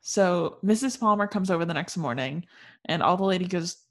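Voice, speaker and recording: A woman's voice: on the low side, brisk. A woman chatting casually as she retells a novel's plot, with lots of "like". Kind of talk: casual book-recap chat.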